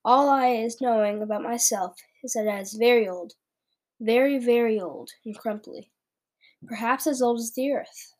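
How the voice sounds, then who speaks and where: A very old, gentle giant from a children's storybook, voiced by a woman reading aloud, spinning out his lines in a playful, unhurried way. The voice sits a little high and stays close to the reader's own. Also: close to an everyday voice. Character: very old kindly male giant.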